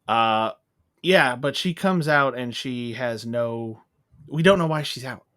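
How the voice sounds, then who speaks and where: A man in a casual movie review chat, rambling and animated, acting out bits of scenes as he goes. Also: mid-range voice, slow pace, dry recording, clean studio sound. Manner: rambling, animated, acts out quotes. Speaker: podcast co-host.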